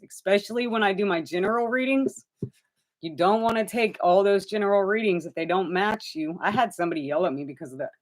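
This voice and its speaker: A woman giving live tarot readings to viewers, chatty and direct, addressing them by name and calling them honey. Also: mid-range voice. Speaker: tarot reader.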